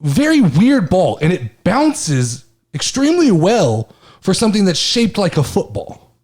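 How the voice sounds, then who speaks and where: An excitable man co-hosts a casual sports podcast. His voice sits high and moves around a lot, and his storytelling has plenty of energy. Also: a little slow. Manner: excitable, animated storytelling with swearing. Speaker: podcast co-host.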